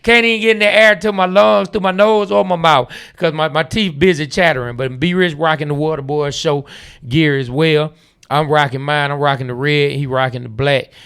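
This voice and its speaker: A man's voice: fairly high pitch, steady tone, moderate pace, gravelly, fairly bright tone, clean tone. A man hosting a casual sports podcast, laid-back and constantly tagging his sentences with "man.". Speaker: podcast host.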